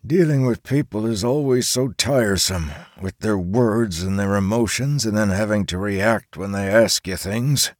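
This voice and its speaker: A man's voice: on the low side, measured pace, few pauses, dry recording, studio quality, pitched above the performer's own voice, close to an everyday voice. A man voicing a blunt, grumpy old grandfather in an audiobook. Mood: weary. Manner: blunt, matter-of-fact. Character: grumpy old grandfather who dislikes talking. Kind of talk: audiobook character voice.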